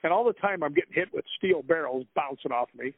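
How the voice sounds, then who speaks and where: A man with a fairly high, animated voice talks fairly quickly, telling long, rambling stories as a guest author in an interview and breaking into laughter. The recording is phone-like and dry, with no echo.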